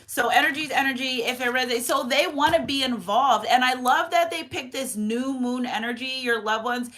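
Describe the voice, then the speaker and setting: Bright-voiced chatty woman reader. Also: high-pitched, a little fast. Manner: chatty, rambling, emotional, with many restarts and "okay?". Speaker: tarot reader and medium. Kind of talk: casual spiritual reading monologue.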